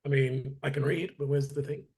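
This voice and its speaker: A man's voice: medium pitch, fairly even intonation, a little fast, a little mellow, breathy edge. A man on a committee video call reading group guidelines aloud, with dry asides. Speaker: committee member.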